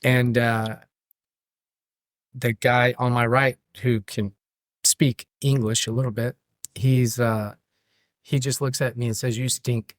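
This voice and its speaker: A man, a podcast guest, tells a lively story in casual chat, laughing and acting out what others said. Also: medium pitch, slow, long pauses, no echo, studio quality. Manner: animated, laughing, acts out quotes. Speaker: podcast guest, brewery owner.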